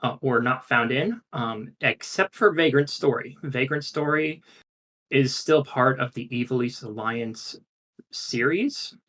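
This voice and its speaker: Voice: mid-range voice, measured pace, fairly bright tone. A panel co-host giving a casual lore presentation, enthusiastic, with frequent fillers.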